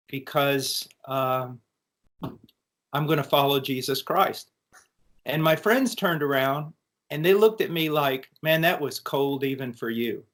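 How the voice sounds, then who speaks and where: A middle-aged American man giving an earnest, animated personal testimony in conversation, with frequent restarts. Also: medium pitch. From United States. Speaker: interview guest.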